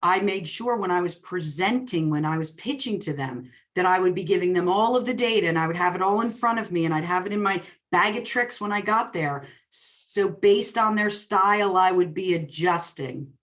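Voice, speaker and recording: A woman with a somewhat low voice gives a coaching talk to real estate agents. She tells stories in a lively way and slips into the voices of the people in them. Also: moderate pace, few pauses. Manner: lively storyteller who acts out quoted dialogue. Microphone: webinar recording.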